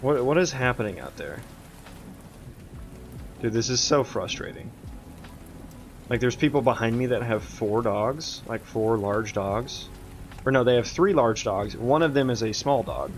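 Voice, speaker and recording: Casual male streamer, mid-pitched, muttering through his code at home. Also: animated. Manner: rambling, self-talking, halting with fillers. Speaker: game developer streaming his work. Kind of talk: casual livestream, thinking aloud while coding.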